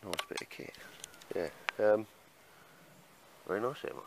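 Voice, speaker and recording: Deep-voiced man chatting outdoors. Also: a little slow, heavy background noise. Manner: chatty, laughs often, calls everyone mate. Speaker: bushcraft vlogger. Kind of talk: casual outdoor chat to camera. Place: outdoor woodland camp in rain.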